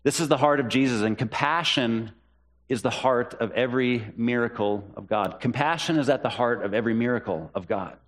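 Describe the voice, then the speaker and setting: A pastor preaching a sermon, earnest and repeating key phrases for emphasis. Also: male voice, a little fast. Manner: rises in pitch when voicing the disciples' questions.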